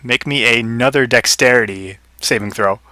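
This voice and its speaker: Bright teasing male game master. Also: mid-range voice, normal speed, no room sound. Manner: playful, teasing players about rolls. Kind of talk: narrating a tabletop game.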